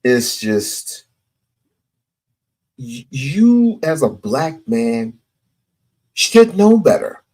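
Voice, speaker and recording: A man's voice: medium pitch, big pitch swings, darkish tone. A man hosting casual commentary, talking emphatically and repeating his points. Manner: slow, emphatic, repeats himself.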